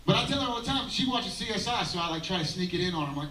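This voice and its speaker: A man, doing a rambling, self-mocking stand-up set with halting fillers at an outdoor daytime show. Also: high voice, animated, sharp tone, slight background noise. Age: 30s. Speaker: stand-up comedian. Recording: roomy live sound from a distance.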